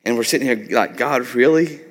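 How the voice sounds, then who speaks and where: A man's voice: mid-range voice, a little fast, in a large hall. A man in his thirties preaching a sermon in a loose, conversational way, often tagging on "like" and "right?". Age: 30s. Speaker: pastor.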